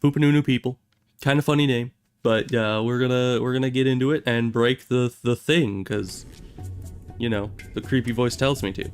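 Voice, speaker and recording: A man's voice: medium pitch, steady tone, normal speed, clear, resonant tone, soft background music. A young man streaming a game, giving rambling, chatty commentary. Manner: rambling, self-correcting, chatty. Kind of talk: casual gameplay commentary.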